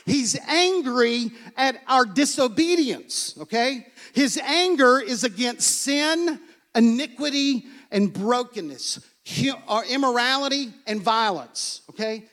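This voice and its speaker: A man's voice: very high voice, a little slow, sharp tone. A man, a pastor, preaching a sermon in an earnest way, often asking "okay?" and repeating phrases.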